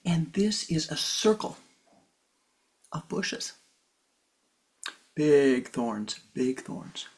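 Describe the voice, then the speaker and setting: Woman spiritual teacher, unhurried storytelling sermon, slightly low voice. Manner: expressive, slow storytelling with acted voices.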